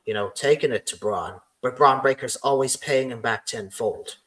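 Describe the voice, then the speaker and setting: A man's voice: mid-range voice, moderate pace, a bit bright, poor audio. A man hosting a casual podcast, rambling through his ideas with many "you know" fillers. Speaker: podcast host.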